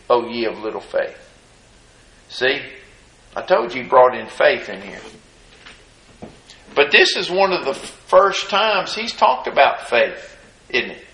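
A man preaching a sermon. He reads scripture in a measured cadence and asks the congregation folksy rhetorical questions. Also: mid-range voice, sharp tone. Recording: echoey room.

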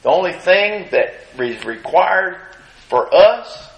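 A man's voice: high-pitched, sing-song, slow pace. A male preacher giving an emphatic sermon and reading scripture aloud. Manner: emphatic, reads scripture in old-fashioned phrasing. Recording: echoey room.

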